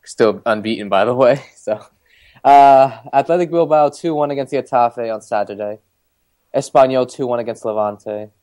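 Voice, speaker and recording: A man's voice: mid-range voice, moderate pace, mellow. Guy on a soccer podcast going through results, joking around, regular voice. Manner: jokey, chatty. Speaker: podcast co-host. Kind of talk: casual chat recapping league results.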